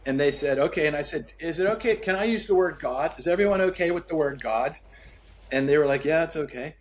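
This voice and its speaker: A man telling a story as a podcast guest, acting out the dialogue with sweeping pitch and repeating key phrases for emphasis. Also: a little fast. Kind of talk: storytelling in conversation.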